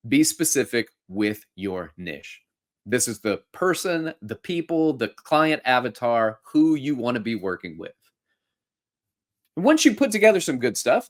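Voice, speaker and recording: A middle-aged man hosting a podcast, giving casual, upbeat coaching advice with a joking streak. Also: mid-range voice. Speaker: podcast host and fitness instructor.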